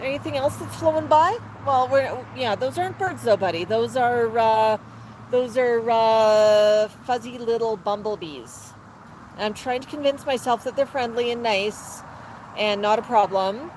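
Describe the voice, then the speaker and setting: Out on a patio, a woman livestreams with her parrot, chatting, cracking jokes and laughing while faint street traffic hums behind her. Her voice sits fairly high with a darkish tone, and she speaks at a measured pace. The recording is rough.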